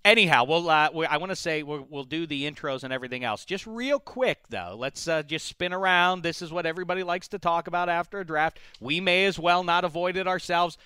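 Guy hosting a studio podcast, a bit high and bright, dry close mic, jokey and rambly. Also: fairly quick, hardly any pauses, clean tone, dry recording. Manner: jokey, rambling, lots of fillers. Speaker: podcast host. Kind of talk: casual studio banter.

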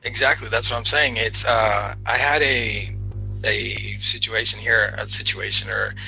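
A man as a podcast guest, telling a story in casual chat, animated and repeating himself as he goes. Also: medium pitch, unhurried, faint music behind, low-quality recording. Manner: animated, repeats himself, acts out his own excited shouts.

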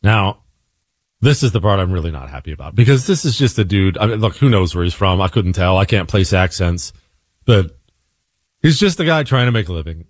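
Slightly under-the-weather radio host, dry sound. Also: male voice, sits low, lively intonation, a little fast, no room sound. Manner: conversational storytelling, self-deprecating. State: a little sick, quieter than usual. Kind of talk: talk radio monologue.

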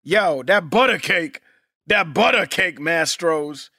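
A loud, profane man co-hosting a podcast, his voice high and bright as it swings all over the place. He jumps into shouting without warning. The sound is dry and close to the mic. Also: lively intonation, takes it slowly, no echo. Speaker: podcast co-host. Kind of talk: casual podcast chat.

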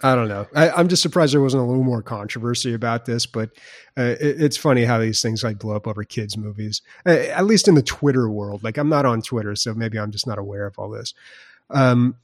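A man co-hosts a podcast in loose, casual chat, rambling along with fillers and false starts. His voice sits at an ordinary pitch. The recording is close and dry. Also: a little fast, no echo. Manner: rambling, lots of fillers and restarts. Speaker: podcast co-host.

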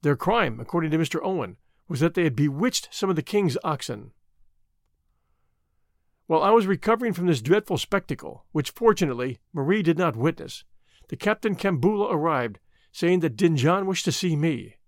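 A man narrating an adventure novel as an audiobook in an expressive, measured storytelling manner. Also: fairly high pitch, no echo, studio quality.

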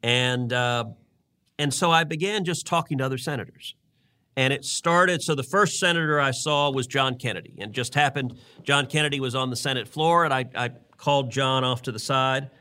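Earnest man with a bright, forceful voice. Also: mid-range voice, moderate pace, clean tone. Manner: earnest, repeats words while building his point. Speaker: senator and co-host. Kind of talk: casual political podcast talk.

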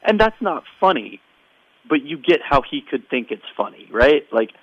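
A man hosting a casual podcast chat, recapping events as an animated storyteller with wry asides. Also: a little high, moderate pace, husky, no echo, lo-fi sound.

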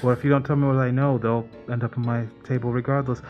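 A man voicing a sinister, unhurried surgeon who politely threatens his captives. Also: medium pitch, little pitch movement, dull audio, faint music behind, close to an everyday voice. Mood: calm menace.

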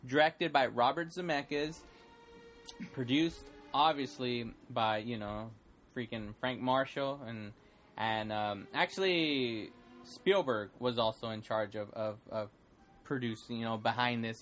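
A man's voice: mid-range voice, measured pace, fairly bright tone, faint music behind. Man rambling casually on a podcast. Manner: teasing, rambling with many fillers. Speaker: podcast co-host. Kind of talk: casual movie podcast chat.

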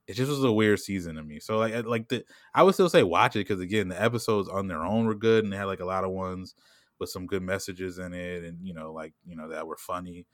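A man's voice: sits low, dry recording, studio quality. A man talking in casual podcast chat, rambling with lots of fillers and laughing often. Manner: rambling, heavy "like" and "you know what I'm saying"; laughs often and puts on quick voices when quoting people.

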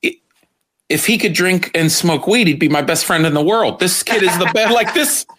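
Bright-voiced guy hosting a podcast, excitable, swears a lot, slightly high. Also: moderate pace. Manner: excitable, profane, laughs often. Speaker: podcast host. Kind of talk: casual podcast chat.

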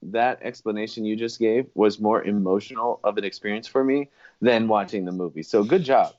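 A man's voice: fairly low pitch, a little fast, darkish tone, lo-fi sound. A man on a casual podcast chat, making dry, wry remarks. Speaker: podcast co-host.

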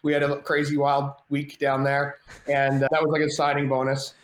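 Animated storytelling man in an echoey room. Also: fairly high pitch, moderate pace. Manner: animated, self-mocking, acts out dialogue. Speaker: podcast guest, entrepreneur. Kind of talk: storytelling in casual chat. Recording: roomy echo, faint ambience.

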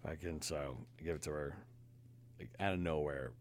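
A man co-hosting a podcast, telling stories in a casual, profane, animated way. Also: a bass voice, normal speed, a little hiss or hum. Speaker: podcast co-host. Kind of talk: casual chat, storytelling.

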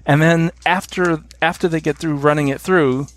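A man's voice: a little high, fairly even intonation, normal speed. A middle-aged man with an American accent, a guest chatting casually in an interview, enthusiastic and chuckling often. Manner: enthusiastic, chuckles often, hums tunes while explaining. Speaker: podcast guest.

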